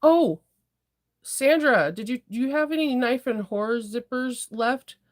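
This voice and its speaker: A woman's voice: fairly high pitch, unhurried. A young adult woman hosting a casual sewing livestream, chatting with viewers in a rambling way and laughing often. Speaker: livestream host, sewing shop owner.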